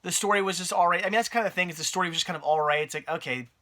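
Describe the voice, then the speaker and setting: A man's voice: high-pitched, rapid-fire, sharp tone. A man giving a casual, rambling spoken movie review, full of fillers and restarts.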